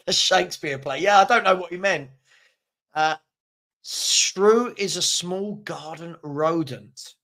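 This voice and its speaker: A man with a notably high speaking voice hosts a live football watchalong. He talks casually and animatedly, reacting to the match and answering viewers' comments with frequent chuckles. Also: a bit bright. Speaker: host of a football fan watchalong.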